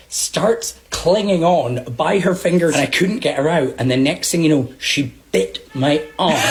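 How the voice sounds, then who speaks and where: A man telling a story about a chaotic shift at work in a casual, animated way. He laughs often and acts out the other people's lines. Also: fairly high pitch. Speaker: storyteller recounting a work incident.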